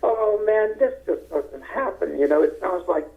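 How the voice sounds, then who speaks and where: A male musician talks casually as a guest, relaxed and full of fillers. His voice sits a little high and comes through a narrow, tinny phone line. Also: a little slow, gravelly. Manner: relaxed, filler-heavy talk. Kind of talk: casual interview chat.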